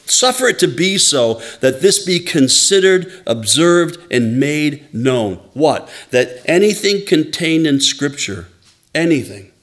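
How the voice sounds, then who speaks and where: A pastor preaches in an easy, conversational way, a man with a voice of middling pitch. He teaches the text plainly and now and then drops into playful acted asides. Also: a bit bright. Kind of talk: sermon.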